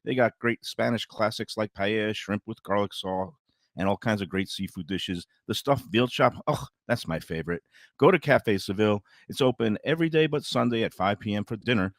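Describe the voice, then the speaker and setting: A man from Brooklyn, a food show host reading restaurant ads in a lively, upbeat pitchman style and chatting at the table. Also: brisk, no room sound, studio quality. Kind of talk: read restaurant ads, then casual table chat.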